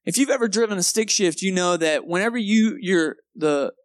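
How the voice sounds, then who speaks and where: Male pastor, young, slight Texan accent, lively self-deprecating storyteller, a touch high-pitched, dry sound. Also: normal speed, no room sound. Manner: animated storyteller, acts out moments, laughs at himself. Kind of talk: sermon with personal story. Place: church sanctuary.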